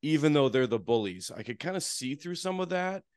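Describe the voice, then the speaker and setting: A man's voice: on the high side, lively intonation, brisk, smooth, no room sound. Chatty North Dakota man, dry sound. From North Dakota, USA. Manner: chatty and self-deprecating, with frequent "you know". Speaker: podcast guest, therapist. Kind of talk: casual storytelling interview.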